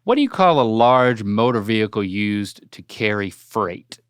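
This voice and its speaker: A playful young man hosting a casual chat, his pitch swinging up and down as he jokes and rattles off options. The recording is dry and close, with no room sound. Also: sing-song, clear, resonant tone, no room sound. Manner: playful, joking, lists options rapidly. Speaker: podcast host. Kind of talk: casual chat, quiz questions.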